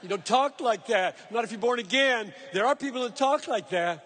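A man preaching a sermon, earnest and emphatic, slowing down to stress key phrases as he explains scripture. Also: extremely high pitch, lively intonation, a bit bright. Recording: long hall reverb.

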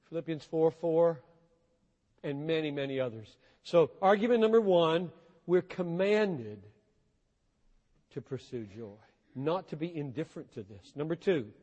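A man preaching a sermon with earnest intensity, swinging between hushed, low passages and sudden emphatic bursts. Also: highs cut off. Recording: long hall reverb.

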